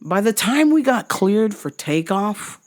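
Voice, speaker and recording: A woman telling a profane comic travel rant in an animated manner, jumping into high outbursts. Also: slow. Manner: animated, swearing, jumps into high-pitched outbursts. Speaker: vlogger.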